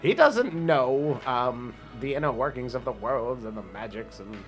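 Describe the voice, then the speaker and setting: A man's voice: medium pitch, expressive, a little slow, faint music behind. A man playing his character in a tabletop game, rambling with many fillers and frequent laughs. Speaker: player. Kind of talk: in-character tabletop role-play.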